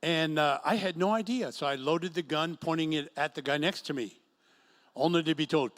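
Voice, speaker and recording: A man's voice: a little high, normal speed, fairly bright tone. A middle-aged man preaching a sermon to a singles group in an event room, telling stories and acting out quotes. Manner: storytelling with acted quotes. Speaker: pastor.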